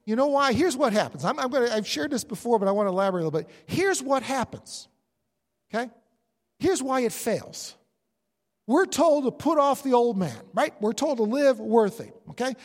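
Male preacher, high voice, lively sermon delivery, long reverb of a hall. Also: brisk. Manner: animated, acts out inner voices of believers.

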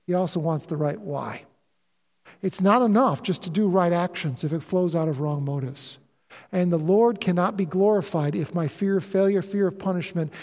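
A pastor in his fifties preaches a sermon with a notably high voice for a man. He speaks earnestly and confessionally, pressing into emphatic, rising declarations. His voice rings with the long reverb of a large church hall. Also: a little mellow. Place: church sanctuary.

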